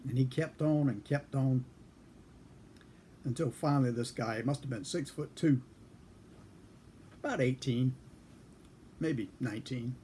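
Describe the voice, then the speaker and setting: A man in his seventies casually telling a story from his service days, unhurried and chuckling now and then. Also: medium pitch, mellow, slight background noise. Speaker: storyteller recalling military service.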